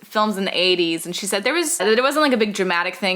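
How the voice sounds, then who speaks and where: A woman's voice: mid-range voice, expressive, quick pace, few pauses, fairly bright tone. A woman co-hosting a podcast, chatting casually about a film and filling her talk with "like" and easy laughter. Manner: chatty, uses many filler likes, laughs often. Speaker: podcast co-host.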